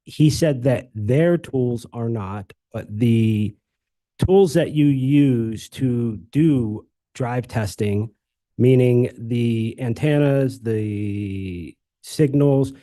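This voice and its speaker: Low dark-voiced guy on the witness stand, dry sound, rambly tech answers. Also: drawn-out words, dry recording. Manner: plain answers, rambling technical explanations. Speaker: expert witness. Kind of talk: courtroom testimony. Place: courtroom.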